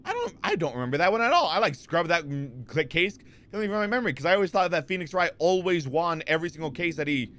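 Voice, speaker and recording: A man's voice: on the high side, big pitch swings, quick pace, hardly any pauses, fairly bright tone. A man in his twenties chatting casually on a live stream, rambling with lots of fillers and restarts as he answers chat.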